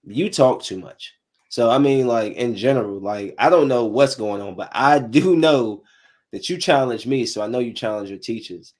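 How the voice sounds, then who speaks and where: A man in his thirties hosting a casual podcast panel, telling animated stories in slangy talk and acting out the quotes. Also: mid-range voice, moderate pace. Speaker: podcast host.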